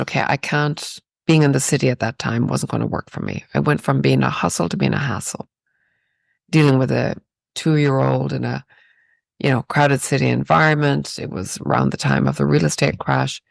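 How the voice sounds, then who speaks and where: A woman's voice: a bass voice, moderate pace, creaky, no echo. A woman from Ireland with an Irish accent, a podcast guest telling personal stories in a reflective, spiritual way. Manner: reflective and spiritual, with rhetorical "right?". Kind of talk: personal storytelling.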